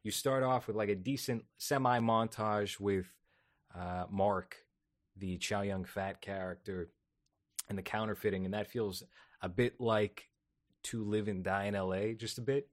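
A man co-hosting a podcast, reviewing a film in measured, deadpan critic phrasing. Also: on the low side, dry recording, studio quality. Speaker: podcast co-host.

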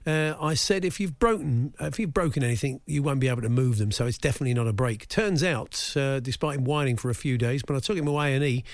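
A man's voice: mid-range voice, fast, few pauses, no echo. A man hosting a casual sports talk radio show, joking and reading listener texts aloud. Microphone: studio microphone.

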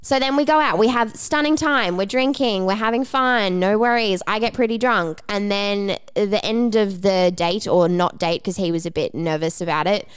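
Woman, podcast co-host, casual storytelling, animated, acts out quotes, smooth clear voice. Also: mid-range voice, moderate pace, hardly any pauses. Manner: animated, acts out quoted lines, swears freely.

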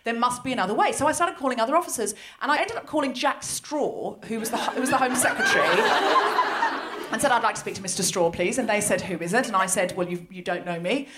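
An Australian woman in her thirties doing stand-up storytelling for a live audience, animated and self-mocking, often laughing through her lines. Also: fairly high pitch, quick pace, very noisy. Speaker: comedy podcast host. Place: large hall with live audience.

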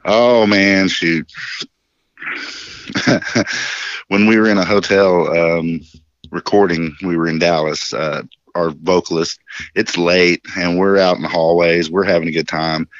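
A man, a band's bass player, calling in by phone to an interview and telling stories in a joking way while chuckling often. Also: steady tone, unhurried, pauses often, dry recording. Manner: chuckling, jokey storyteller. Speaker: band bassist, phone guest. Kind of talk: casual interview storytelling. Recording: dull phone line.

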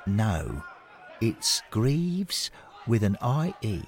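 A man voicing a kindly older male ghost who speaks gently and evenly, close to his own voice. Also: fairly low pitch, big pitch swings, some chatter behind, voice pushed up, full character voice. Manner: gentle, measured.

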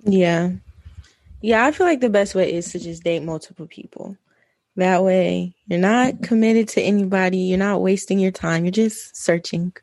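A woman's voice: mid-range voice, normal speed, a little mellow, no room sound. Young woman with short dry replies, dry sound. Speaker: podcast co-host. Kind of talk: casual chat.

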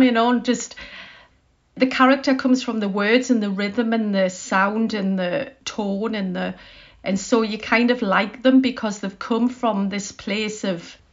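A woman's voice: mid-range voice, lo-fi sound. A woman writer talking as a podcast guest in a chatty, self-deprecating way. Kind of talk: conversational interview.

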